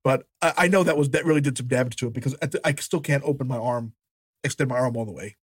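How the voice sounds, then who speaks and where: A man co-hosting a podcast, telling a story in a lively, animated way, acting out voices and laughing as he goes. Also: mid-range voice, fast talker, breathy edge. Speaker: podcast co-host. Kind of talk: casual storytelling chat.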